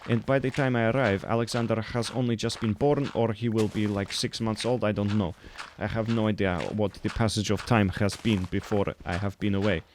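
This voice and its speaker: A man playing a blunt, exasperated storyteller who speaks in broken English with deadpan delivery. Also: fairly low pitch, a little fast, hardly any pauses, a little hiss or hum, close to an everyday voice. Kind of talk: comic character monologue.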